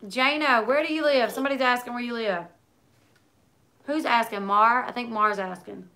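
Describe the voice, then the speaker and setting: Bright-voiced chatty woman streamer. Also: on the high side, moderate pace. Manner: chatty, talks in run-on asides with many likes. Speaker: livestream host reading viewer comments. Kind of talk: casual chat.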